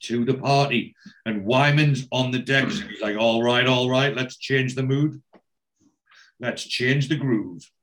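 A man's voice: mid-range voice, measured pace, fairly bright tone. Chatty man retelling a story, quoting lines. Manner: retells scenes line by line, quoting dialogue with many "he says". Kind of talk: casual chat recapping a TV episode.

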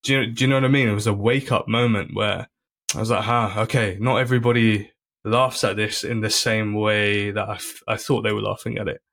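A man's voice: fairly low pitch, level tone, fairly quick, creaky, fairly bright tone. A man, a comedian guest on a podcast, talking earnestly in a casual chat, with many restarts and frequent "you know"s. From United Kingdom.

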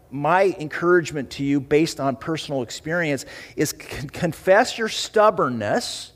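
Male pastor, high voice, animated preaching, long hall reverb. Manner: animated, rising emphatic delivery with dramatic pauses. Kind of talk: sermon. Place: church sanctuary.

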